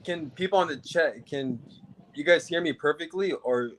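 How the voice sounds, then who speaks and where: Call-in guest, male, slightly high voice, relaxed and slangy, mic level very low. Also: normal speed, rough recording. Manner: easygoing, laughing, slangy. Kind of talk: casual chat on a call. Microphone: remote call with a very quiet mic.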